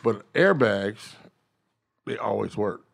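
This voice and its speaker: A man, a comedian, telling stories in casual chat, laughing often and acting out his own quotes loudly. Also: on the low side, slow, creaky, slightly rough. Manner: animated, laughing, profane, acts out quotes loudly.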